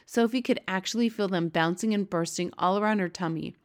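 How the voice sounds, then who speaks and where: A woman's voice: medium pitch, a little fast. Woman reading a children's story aloud. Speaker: audiobook reader. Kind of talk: storybook read-aloud narration.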